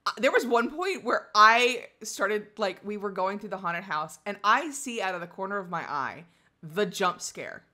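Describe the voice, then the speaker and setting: A woman co-hosting a casual chat, telling an animated story with frequent laughter and sarcastic asides. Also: medium pitch, normal speed. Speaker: podcast co-host.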